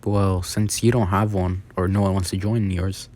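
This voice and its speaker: A man voicing a polite, eager young male adventurer in a casual spoken fan story, with a halting delivery. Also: low voice, level tone, a little mellow. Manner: halting, filler-heavy retelling.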